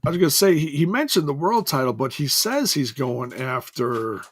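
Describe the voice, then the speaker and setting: A man's voice: on the high side, very animated, moderate pace, a little hiss or hum. A man hosting a casual solo wrestling review, rambling and correcting himself as he goes, chuckling now and then.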